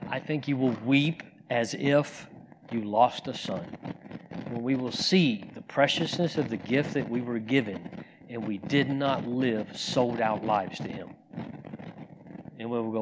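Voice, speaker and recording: A man's voice: mid-range voice, measured pace, noisy background. A man preaching a sermon, telling stories with acted quotes and then leading an earnest prayer. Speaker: pastor.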